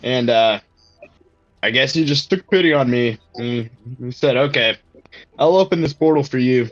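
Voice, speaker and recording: Brief: a man doing a tired soldier, mid-pitched, slightly dull audio with faint music. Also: dry recording, lightly acted. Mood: weary. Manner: halting, full of fillers. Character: weary soldier, lone survivor.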